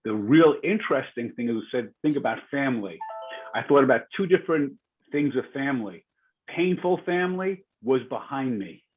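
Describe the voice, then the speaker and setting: Guy in a class on a tinny call line, calm and plain, mid voice. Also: medium pitch, normal speed. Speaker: student.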